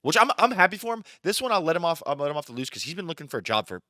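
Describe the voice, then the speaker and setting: A man's voice: a little high, very animated, racing, pushed and bright, no echo, clean studio sound. A man co-hosting a casual podcast, trading brash jokes and boasts with his friends. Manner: brash, joking trash talk. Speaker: podcast co-host.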